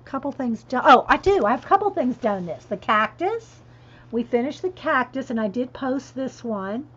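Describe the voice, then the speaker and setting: Lady chatting on her stream, kinda high voice, giggly, muffled lo-fi sound. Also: sing-song, normal speed, slightly rough. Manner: chatty, laughing, reads chat aloud. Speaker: coloring livestream host. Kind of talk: casual livestream chat. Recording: dull lo-fi stream audio.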